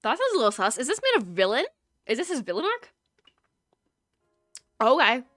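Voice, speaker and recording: A woman's voice: a little high, wildly swooping pitch, moderate pace, fairly bright tone, no echo. A woman streaming a video game, chatting casually with her viewers, teasing and laughing often.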